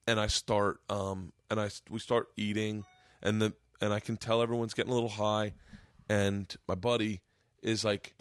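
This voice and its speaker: A man in his forties hosting a podcast, telling a long story with lively acted-out quotes. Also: lowish voice, normal speed, smooth, no echo, clean studio sound. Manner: animated storyteller, acts out quotes, gets choked up. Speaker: podcast host. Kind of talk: casual storytelling chat.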